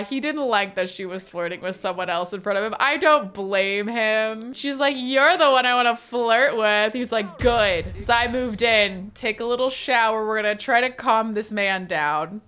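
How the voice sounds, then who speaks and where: Chatty bright-voiced woman gaming host. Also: medium pitch. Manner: chatty and giggly, narrating with playful asides. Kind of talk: casual gameplay commentary.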